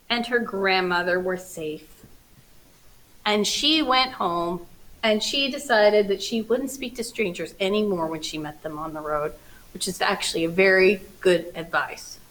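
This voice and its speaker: A woman librarian reading a storybook aloud to children, expressive and animated, with playful asides. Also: medium pitch, unhurried, low-quality recording.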